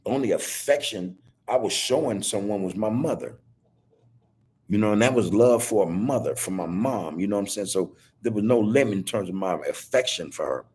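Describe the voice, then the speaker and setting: Husky-voiced man talking loose and heartfelt. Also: lowish voice, animated, fairly quick, darkish tone. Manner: loose, repetitive street talk, says "man" constantly. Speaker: podcast host. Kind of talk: casual heartfelt talk on a video call. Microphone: video call.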